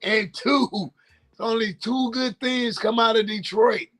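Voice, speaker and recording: A man's voice: very high voice, steady tone, slow. A man co-hosting a live sports talk show, teasing his partner and cracking jokes. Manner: teasing, jokey, bursts into shouting.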